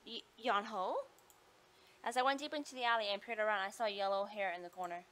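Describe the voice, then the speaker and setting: A woman reading a story game aloud, acting out the heroine's lines with expressive delivery. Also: medium pitch, quick pace. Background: game music.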